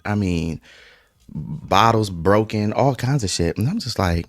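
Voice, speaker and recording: Man vlogger, deep voice, casual profane storyteller mid-meal. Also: expressive, measured pace, no room sound. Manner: speaks through eating breaks. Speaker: mukbang vlogger. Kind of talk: casual storytime while eating.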